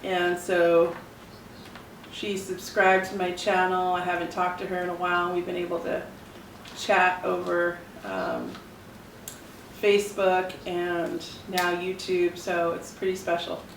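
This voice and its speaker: A woman chatting slowly over lunch, breaking into giggles and exclamations. She is recovering from a cough. The echoey room and far-off camera give her voice a distant, roomy sound. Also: on the low side, monotone, a little hiss or hum. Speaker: channel host. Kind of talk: casual chat over lunch. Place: home dining table.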